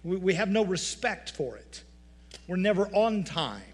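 A man's voice: high-pitched, sing-song, a little slow, slightly rough. A male pastor preaching a sermon, telling folksy stories with humor.

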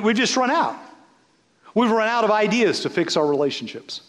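Animated preacher with a soaring voice. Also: male voice, high-pitched. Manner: animated, playful preaching with sudden loud and hushed turns. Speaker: bishop preaching. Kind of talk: sermon. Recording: long reverb of a large hall.

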